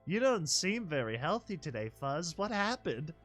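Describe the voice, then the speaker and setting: Man voicing a childlike filly, high and cracking, pleading and stubborn; storybook reading. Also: big pitch swings, normal speed, fairly bright tone, faint music behind. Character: young filly foal, innocent, stubborn.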